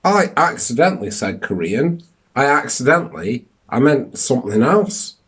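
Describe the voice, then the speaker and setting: A man's voice: mid-range voice, sing-song, normal speed, fairly bright tone, slightly rough. A man co-hosting a podcast, throwing in sweary reactions and quips in casual chat. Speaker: podcast co-host.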